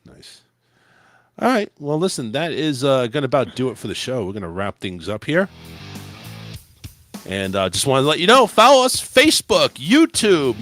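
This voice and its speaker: Bright, lively-voiced male radio host. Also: fairly high pitch. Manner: laid-back, joking, rambling. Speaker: talk show host. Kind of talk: casual radio show chat.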